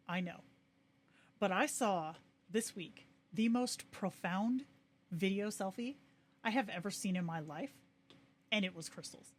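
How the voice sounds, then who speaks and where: A young adult woman hosting a casual livestream, chatting excitedly and reacting to viewers with quick asides. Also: mid-range voice. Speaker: livestream host.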